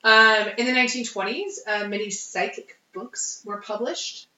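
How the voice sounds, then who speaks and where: A slightly high-voiced woman talks at normal speed as a podcast co-host, casually and animatedly telling history with lots of ums and uhs. Expect a roomy, dull, lo-fi recording.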